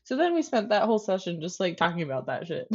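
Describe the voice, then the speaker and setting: A woman's voice: mid-range voice, very animated, fast talker, muffled recording. A woman co-hosting a podcast, telling a funny story in casual chat, acting out quotes and saying "like" often. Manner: chatty, acts out quotes, says "like" often. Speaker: podcast co-host.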